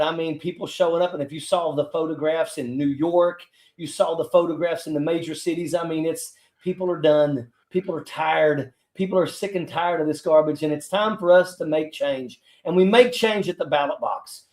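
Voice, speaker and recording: A man's voice: fairly high pitch, darkish tone, reverberant. A man appearing as a guest on a stream, speaking in an earnest, rallying way and often tripping over repeated words. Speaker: guest, fellow show host. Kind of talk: casual political talk.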